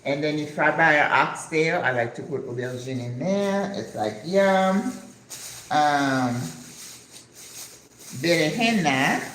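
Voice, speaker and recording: A chatty woman in her sixties from the United States, talking at an unhurried pace in a casual home vlog. Her voice rings in an echoey kitchen with faint background noise. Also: low-pitched, lively intonation, a bit bright. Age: 60s. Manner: chatty, enthusiastic, sprinkles in Spanish words. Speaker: vlogger.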